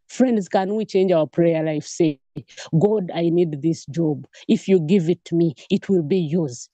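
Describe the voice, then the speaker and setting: A woman's voice: on the low side, mellow, no room sound. A woman preaching a fervent sermon, repeating phrases and calling out praise. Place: cathedral.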